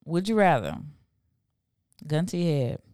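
A woman co-hosting a casual podcast chat, brash and quick to laugh and curse. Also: deep voice, big pitch swings, a little mellow, smooth, no echo, studio quality. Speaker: podcast co-host.

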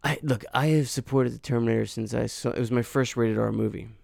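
A man's voice: medium pitch, fairly even intonation, quick pace, gravelly, darkish tone, no room sound, clean studio sound. A man hosting a podcast in casual chat, rambling and searching for his words. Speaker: podcast host. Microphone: studio mic.

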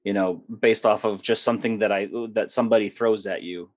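Brief: man, podcast host and game master, lower voice, casual, stops and restarts his questions. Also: steady tone, a little fast. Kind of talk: casual interview chat.

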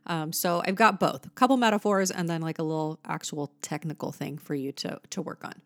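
A woman's voice: sits low, fairly even intonation, brisk, a bit bright, dry recording. A woman singing teacher explaining vocal technique to viewers in a patient, explanatory way, posing rhetorical questions.

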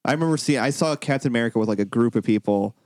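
A man's voice: mid-range voice, very fast, darkish tone, no room sound, studio quality. Laughing, rambling man on a podcast. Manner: rambling, laughs often, acts out quotes. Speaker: podcast co-host. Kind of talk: casual chat.

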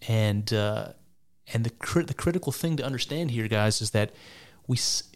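A man's voice: mid-range voice, darkish tone. A man giving casual spoken commentary on clips, argumentative and wry, with frequent restarts and mock laughter.

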